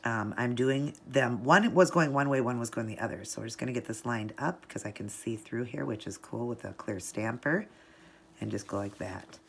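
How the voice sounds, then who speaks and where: A woman with a bass voice narrates a casual step-by-step nail art tutorial, chatting with viewers as she works. There's a little hiss or hum in the audio.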